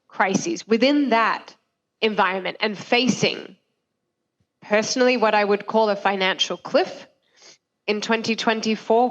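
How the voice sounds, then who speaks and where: A woman giving earnest, measured closing remarks on a panel, speaking remotely over a video call. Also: medium pitch, lo-fi sound. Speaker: panel speaker from humanitarian agency.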